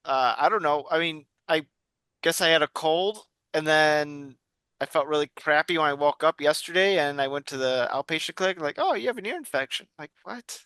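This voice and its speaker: A man's voice: fairly high pitch, animated, moderate pace, pushed and bright, clean tone, no room sound. A man in his forties co-hosting a casual podcast, telling jokey self-deprecating stories. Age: 40s. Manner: joking, self-deprecating storyteller. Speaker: podcast co-host. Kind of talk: casual chat.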